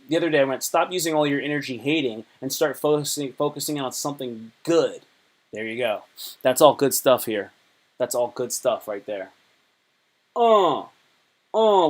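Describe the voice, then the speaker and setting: Guy rambling on his livestream, mid pitch, slangy, jokey, reading tweets out loud. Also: normal speed. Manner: slangy, rambling, reads tweets aloud and jokes. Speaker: livestream host. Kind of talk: casual chat.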